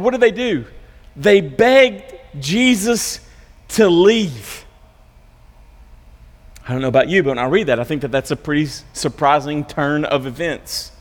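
A high-pitched male pastor preaching a sermon, storytelling casually and stumbling over repeated words as he goes. His voice carries a long reverb from a large hall.

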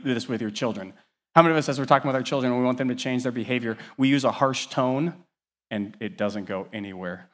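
Male pastor preaching a sermon, middle-pitched voice, lively, moves from quiet asides to punchy emphasis. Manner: animated, varies loudness widely, conversational asides.

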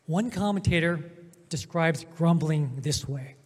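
A man preaching a sermon as pastor, emphatic, with drawn-out pauses and swings between loud and soft. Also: a little high, breathy edge. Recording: long hall reverb.

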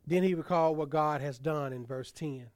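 A man with a somewhat high-pitched voice delivers a sermon from the pulpit, recorded close with almost no room sound. He builds his key lines with rising force and then lets his phrases sink to a quiet, low finish. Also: moderate pace, dry recording. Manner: preaching with rising emphasis and soft, trailing phrase endings. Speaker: pastor.

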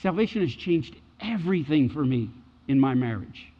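A man's voice: a little high, animated, moderate pace, warm tone, husky, long reverb tail, highs cut off. A middle-aged man preaching a sermon, emphatic and repeating key phrases for weight. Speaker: pastor.

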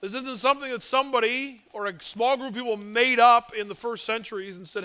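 A man's voice: extremely high pitch, steady tone, a little fast, bright, forceful tone, smooth. A male pastor preaching a sermon, emphatic, asking rhetorical questions and mimicking doubters.

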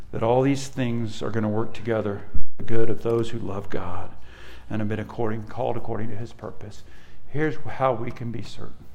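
A man preaching a sermon as pastor, emphatic, with frequent restarts and repeated words. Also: mid-range voice.

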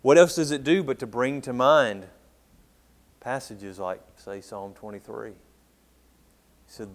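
A pastor preaches a sermon and reads scripture aloud, getting loud on key words and dropping quiet at the ends of phrases. He poses questions to the congregation in a lowish voice, speaking a little slowly.

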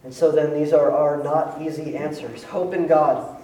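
A male pastor with a high voice delivers a conversational sermon, dropping casual slang and rising to emphatic peaks. He sounds somewhat far from the mic, and his voice rings through a roomy church sanctuary with faint ambience behind it. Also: fairly even intonation, normal speed, mellow. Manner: conversational preaching with slangy asides.

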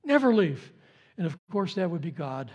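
A man preaches with a notably high-pitched voice. He talks in a relaxed, conversational way, telling stories and repeating key phrases for emphasis. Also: normal speed. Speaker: pastor. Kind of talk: sermon.

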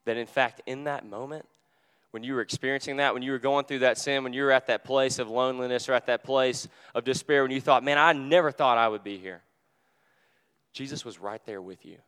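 A young man preaching a sermon in a conversational, animated way, full of fillers, and dropping to a hush for quoted words. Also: mid-range voice, fast, smooth. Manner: drops to a hushed voice when quoting Jesus.

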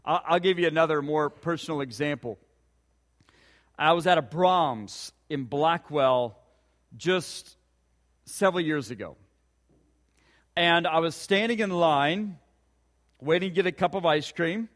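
A man's voice: fairly high pitch, unhurried, pauses often, fairly bright tone, big-room sound. A man preaching a sermon, telling a personal story and asking earnest rhetorical questions. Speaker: pastor.

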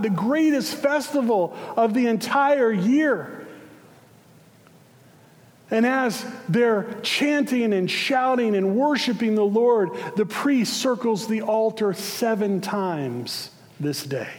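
A male pastor preaching a sermon, retelling a scene dramatically, swelling to passionate cries and sinking to a hush. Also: sits high, long reverb tail. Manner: building to impassioned shouts then dropping hushed.

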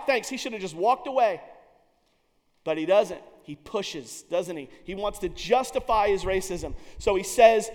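A male pastor preaching a sermon, telling the story dramatically and swinging from loud passages to hushed ones. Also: sits high, lively intonation, unhurried. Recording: long reverb of a large hall.

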